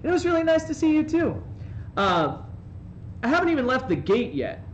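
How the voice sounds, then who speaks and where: A man streaming a game from home on a desk microphone, telling a rambling, animated anecdote with playful asides. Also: extremely high pitch, a little fast, muffled recording. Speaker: live streamer. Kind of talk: casual storytelling while gaming on stream. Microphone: desk microphone, swapped in for the day. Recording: roomy sound with faint background noise.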